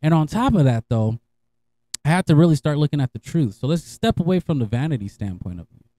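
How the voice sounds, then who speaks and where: A fairly high-pitched man talks casually to his listeners, swearing freely and breaking into laughter. He tells his stories in an animated, conversational way. He sounds middle-aged and relaxed. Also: fairly quick. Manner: laughing, profane, animated storyteller. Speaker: podcast host. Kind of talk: casual storytelling monologue.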